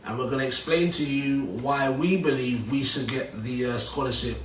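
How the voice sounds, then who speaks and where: A man, hesitantly making a mock-serious pitch. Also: fast, fairly bright tone, a little hiss or hum. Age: 30s. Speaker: prankster son. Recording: echoey room from far off.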